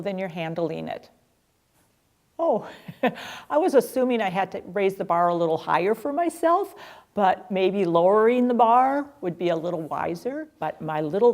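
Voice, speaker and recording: A woman's voice: on the low side, measured pace, vocal fry, a little mellow. A middle-aged woman telling a personal story in a chatty, self-deprecating way, laughing at herself. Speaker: speaker sharing personal story.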